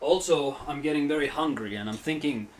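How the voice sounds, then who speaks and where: A man's voice: fairly high pitch, a little fast, a little hiss or hum. A man streaming a video game, rambling casually to chat, swearing and laughing at himself as he plays. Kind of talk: casual gameplay commentary.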